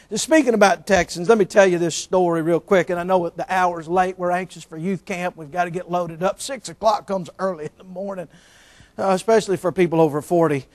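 Folksy high-voiced pastor. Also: male voice. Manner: folksy, joking, storytelling. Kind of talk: sermon.

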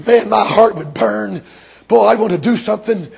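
A man from Georgia preaching a sermon, telling stories emphatically and rising to shouts. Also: high-pitched, moderate pace, creaky, husky.

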